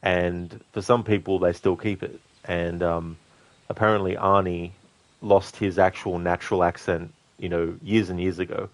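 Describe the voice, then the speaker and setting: A low-voiced man with an Australian accent gives casual gameplay commentary as a streamer. He talks in a relaxed, chatty way, full of "you know" fillers as he answers chat. The sound is dry and close, with no room around him. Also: moderate pace, no room sound. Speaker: gaming streamer.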